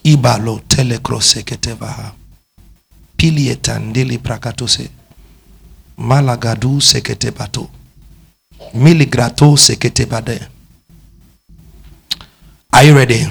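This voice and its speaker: Male Ghanaian preacher, emphatic sermon delivery, unhurried, drawn-out words, questions the congregation, mixes English and Twi. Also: mid-range voice, fairly even intonation, creaky, breathy edge. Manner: switches between English and Twi.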